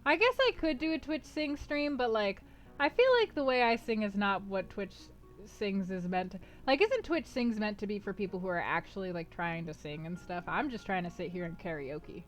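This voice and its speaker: A woman's voice: mid-range voice, animated, moderate pace. Bubbly American woman streamer, faint music. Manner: chatty and bubbly, laughing often. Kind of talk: casual chat with live chat. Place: home streaming setup.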